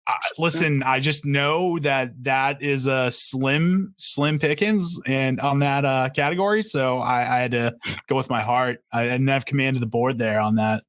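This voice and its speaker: A man's voice: mid-range voice, measured pace, fairly bright tone, dry recording. Laughing, rambling podcast host man. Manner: laughs often, restarts sentences. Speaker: podcast host running the draft. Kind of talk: casual chat.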